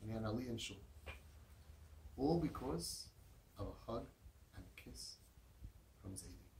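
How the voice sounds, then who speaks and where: A parenting speaker tells a heartfelt story with emphasis, repeating words and sprinkling in Yiddish and Hebrew terms. His medium-pitched voice is gravelly and a little mellow, with lively intonation and a moderate pace. The mic is distant, with roomy echo and faint noise.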